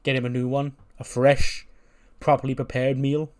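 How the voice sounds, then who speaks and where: A man's voice: mid-range voice, little pitch movement, normal speed, darkish tone, close to an everyday voice. A man voicing a big, intimidating bodyguard leaning on a waiter. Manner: blunt, intimidating. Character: big intimidating male bodyguard, blunt enforcer.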